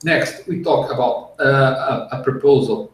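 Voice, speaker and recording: A man hosting a casual tech podcast over a video call, talking in an unhurried, explanatory way and laughing easily. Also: mid-range voice. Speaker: podcast host. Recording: echoey room, far from the mic.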